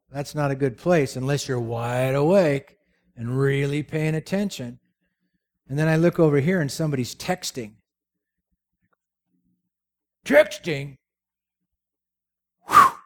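Animated man preaching with humor. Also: on the high side. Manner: storytelling, animated, rhetorical questions. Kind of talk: sermon with humorous asides.

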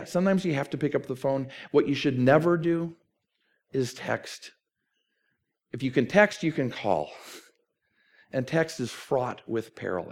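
A man's voice: mid-range voice, a little mellow. A middle-aged male pastor delivering a conversational sermon with emphatic, repeated phrasing.

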